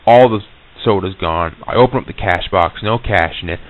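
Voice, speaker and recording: Man, low voice, halting casual recollection, tinny old tape recording. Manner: halting, many restarts and fillers. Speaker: interviewee recounting an encounter.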